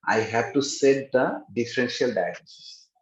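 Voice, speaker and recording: A man describing his exam experience in a casual interview over a video call, halting, with many pauses and fillers. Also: mid-range voice. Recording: roomy, dull call audio.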